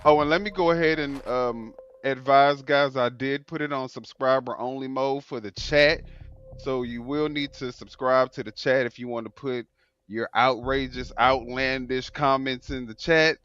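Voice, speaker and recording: A man's voice: medium pitch, steady tone, normal speed, fairly bright tone, clean tone, highs cut off. A man hosting a live talk stream, blunt and laid-back, with lots of fillers. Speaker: livestream host. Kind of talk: casual political chat.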